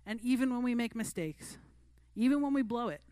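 A woman's voice: fairly high pitch, expressive, a little fast, mellow, clean tone, dry recording. A woman preaching a sermon to a youth group in an earnest, conversational way. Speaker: youth pastor.

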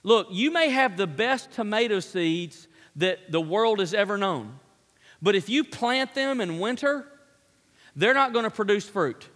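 A man's voice: high voice, animated, unhurried, a bit bright. A man preaching a sermon, emphatic, repeating key phrases for effect. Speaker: pastor. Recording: long hall reverb.

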